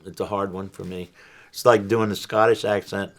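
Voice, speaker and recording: An older man, an actor, talking as a guest in a casual interview, soft-spoken, measured and modest. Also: fairly low pitch, steady tone.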